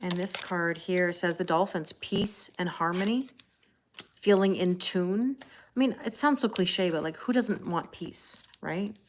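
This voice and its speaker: A woman's voice: lowish voice, measured pace, slight background noise. A Canadian woman with a Canadian accent, giving a casual live-stream tarot reading and answering viewer comments. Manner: chatty, laughs often, answers viewer comments. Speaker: tarot reader.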